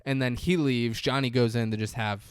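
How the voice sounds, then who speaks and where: A man's voice: fairly even intonation, fairly quick, smooth, no room sound, studio quality. A man co-hosting a podcast, rambling through a movie plot in casual, profane chat and acting out the characters' lines. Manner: rambling, profane, acts out quotes with big pitch jumps. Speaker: podcast co-host.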